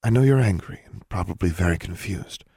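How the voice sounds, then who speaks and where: A stern older witch inquisitor, calm and even, measuring every word, as a male audiobook narrator puts her on. The voice is lifted a little from a husky low register, dry and close. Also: a little fast, no room sound, exaggerated voice. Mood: measured.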